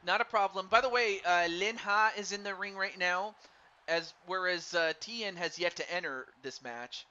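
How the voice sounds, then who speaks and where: A man doing live play-by-play commentary on a wrestling game for a stream, excitable and stumbling over his words while chatting with viewers. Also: high voice, normal speed. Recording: dull lo-fi stream mic with faint noise.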